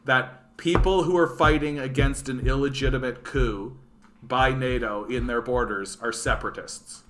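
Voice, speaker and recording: A man's voice: mid-range voice, fairly even intonation, moderate pace, fairly bright tone. A man from Canada giving a casual, profane, sarcastic political rant, reading news aloud and reacting to it. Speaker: political commentary streamer.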